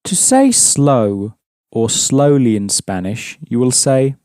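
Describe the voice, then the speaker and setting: A man's voice: medium pitch, big pitch swings, takes it slowly, a little mellow, dry recording, clean studio sound. A man teaching a language lesson, explaining patiently and prompting his students with questions.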